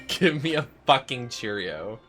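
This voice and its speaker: A man doing campy livestream gameplay commentary, his voice bright and forceful and swinging all over in pitch. He breaks into dramatic outbursts and frequent laughter. Faint game music plays behind him. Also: big pitch swings, a little slow. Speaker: streamer.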